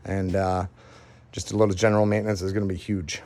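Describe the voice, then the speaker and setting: A man's voice: low-pitched, little pitch movement, quick pace, a little mellow. A man casually walking through a repair how-to, rambling with lots of ums and laughing at his own crude jokes, recorded on a camera mic beside a van. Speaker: DIY car repair video host.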